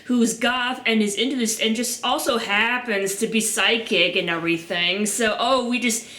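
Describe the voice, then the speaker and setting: A woman adds sarcastic, laughing asides to a casual horror film review. Her voice is bright and sharp and sits fairly high. The room around her is echoey. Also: moderate pace. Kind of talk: casual reaction chat.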